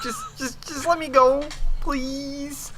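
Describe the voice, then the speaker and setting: A man's voice: very high-pitched, wildly swooping pitch, noisy background, voice pushed up, full character voice. A man voicing a flustered teenage boy who stammers and halts. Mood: nervous. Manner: stammering, halting.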